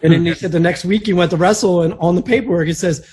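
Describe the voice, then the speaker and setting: A man's voice: sits high, fast, darkish tone, slightly rough. A man co-hosting a podcast, rambling through casual wrestling chat with plenty of "like" fillers. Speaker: podcast co-host.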